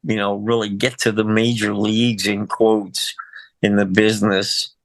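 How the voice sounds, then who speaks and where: A man's voice: on the low side, flat delivery, a little slow, no room sound. An older man, a musician guest in a casual interview, talking in a rambling, emotional way with lots of fillers and laughs.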